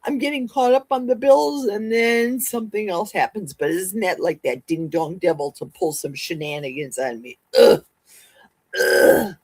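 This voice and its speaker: A middle-aged woman hosting a casual livestream, talking fast and rambling from one topic to the next. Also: mid-range voice, darkish tone, breathy edge, no echo. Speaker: livestream host.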